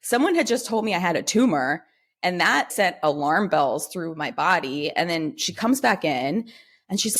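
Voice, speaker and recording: Woman guest, 30s, lowish voice, lively storyteller voicing quoted dialogue. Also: normal speed. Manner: animated, acts out quoted dialogue with lifted pitch. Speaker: podcast guest. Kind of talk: conversational storytelling.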